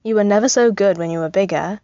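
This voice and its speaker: A woman's voice: medium pitch, fast talker, dark tone, no echo, dull audio, close to an everyday voice. A woman reading a story aloud, voicing a dry, affectionate young soldier who looks after a baby. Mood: fond.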